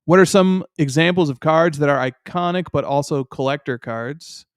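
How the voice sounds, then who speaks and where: A man with a smooth, resonant voice runs a relaxed podcast chat and reads out questions from listeners with a playful edge. The sound is close and dry, with no room around it. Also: a little high, normal speed, no room sound. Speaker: podcast co-host. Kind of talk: casual chat.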